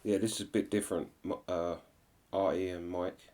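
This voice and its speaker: Chill rambling reaction youtuber guy, really low monotone voice. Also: brisk. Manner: relaxed, rambling, many fillers. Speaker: reaction video host. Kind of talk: casual reaction commentary.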